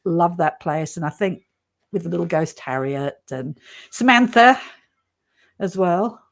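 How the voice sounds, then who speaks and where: Woman livestream host, lower voice, chatty and quick to laugh. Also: vocal fry. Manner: chatty, laughs often, animated storytelling. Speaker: paranormal channel host. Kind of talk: casual livestream chat.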